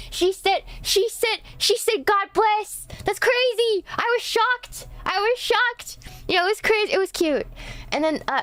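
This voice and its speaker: A woman streamer chatting casually, rambling and chatty, full of "like" and restarts. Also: high voice. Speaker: streamer host. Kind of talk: casual livestream chat.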